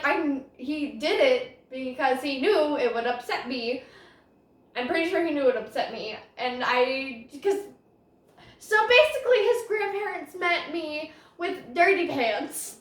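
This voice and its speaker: Podcast host: young woman, rambling self-conscious storyteller, bright high voice, sits back from the mic. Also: expressive, unhurried, distant mic. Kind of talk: casual storytelling. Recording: roomy echo, voice off-mic.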